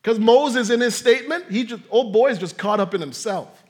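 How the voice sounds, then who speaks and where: A man with a fairly high-pitched voice delivering a sermon as a pastor. He preaches in a loose, conversational way. He pokes fun at himself along the way. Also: animated, normal speed. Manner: conversational, self-deprecating humor.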